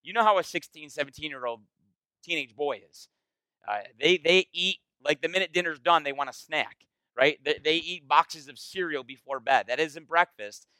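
A man leading a Bible study as pastor, in a casual, animated, conversational sermon style. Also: on the high side, moderate pace, clean tone, no room sound, low-quality recording. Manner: animated, conversational, acts out quoted voices.

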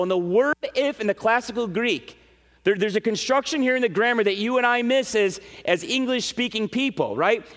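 A man preaching a sermon to his congregation in an animated way, with frequent "right?" asides. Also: sits high. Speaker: pastor. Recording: reverberant hall.

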